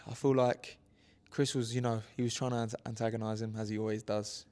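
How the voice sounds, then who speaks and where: A man's voice: mid-range voice, flat delivery, brisk, few pauses, darkish tone, clear, resonant tone. A young man from England, a boxer, speaking earnestly in an interview with many fillers and restarts. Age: 20s. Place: boxing gym, indoors.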